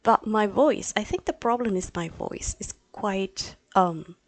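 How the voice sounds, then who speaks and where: A language teacher whose first language is Spanish, talking on a live-streamed class in a flustered, apologetic way into a desktop microphone. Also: female voice, mid-range voice, animated, unhurried, no room sound. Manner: flustered and apologetic, many restarts. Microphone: desktop microphone on a computer.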